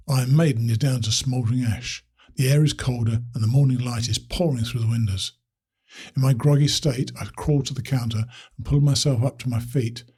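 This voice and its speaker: A man narrating a first-person story in a steady, reflective way. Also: medium pitch, husky.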